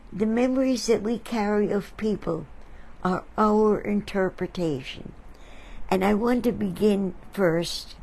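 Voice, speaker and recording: Slow, mellow-voiced woman storyteller. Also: medium pitch, gravelly, rough recording. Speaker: artist and host. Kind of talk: reflective talk to an audience.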